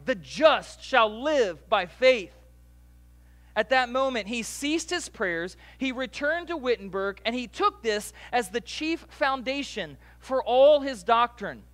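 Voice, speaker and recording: A man delivers a sermon in a strikingly high voice. He keeps it conversational, dropping casual asides and quick jokes as he talks the congregation through scripture. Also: a bit bright. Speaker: pastor.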